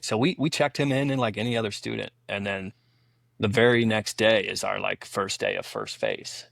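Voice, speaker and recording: A man's voice: lowish voice, animated, moderate pace, gravelly, a bit bright, no room sound. A man, a former Navy SEAL, talking casually as a podcast guest, telling long anecdotes with frequent restarts. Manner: rambling anecdotal storytelling with many restarts. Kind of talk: casual storytelling interview.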